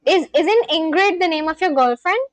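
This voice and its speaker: A woman's voice: extremely high pitch, animated, normal speed, no echo, rough recording. A woman from India, hosting a casual livestream, chatting and giggling as she answers viewers' messages. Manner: chatty, giggly, reads chat messages aloud and answers them. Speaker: livestream host.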